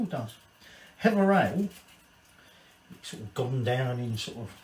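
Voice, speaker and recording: Guy cooking and rambling, swears a lot, slow talker, far off mic, echoey kitchen. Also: mid-range voice. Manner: rambling, swearing, tipsy asides. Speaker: cooking channel host. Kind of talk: casual cooking vlog. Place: home kitchen. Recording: echoey room, distant mic, faint kitchen noise. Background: clatter of pots and cutlery.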